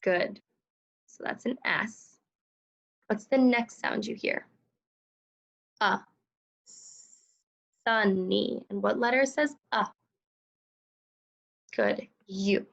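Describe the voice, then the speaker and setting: Patient, slow-spoken woman teaching phonics. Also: mid-range voice, gravelly, dull audio. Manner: patient, slow, sounding out words. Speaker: second grade teacher. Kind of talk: phonics lesson for children.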